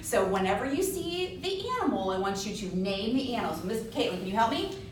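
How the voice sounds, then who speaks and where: A woman presenting a children's library program, animated and gasping with exaggerated delight. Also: medium pitch, fast talker. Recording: roomy echo, distant mic, faint hiss.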